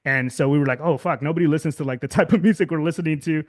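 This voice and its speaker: This Southern California musician, a guest in his thirties, speaks at a rapid-fire clip in a fairly high pitch. The interview is casual, and he rambles, restarts, leans on fillers, and laughs a lot.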